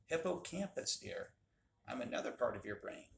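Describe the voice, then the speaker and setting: A man voicing a kind, gentle older woman in a storybook reading, in an echoey room. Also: medium pitch, big pitch swings, normal speed, creaky, a little hiss or hum, full character voice.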